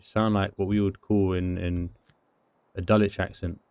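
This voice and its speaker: Young british guy streaming, slangy chatty, lowish voice, dry close sound. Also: unhurried, dry recording. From United Kingdom. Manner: slangy, chatty, lively reactions. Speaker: livestreamer. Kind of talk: casual livestream chat.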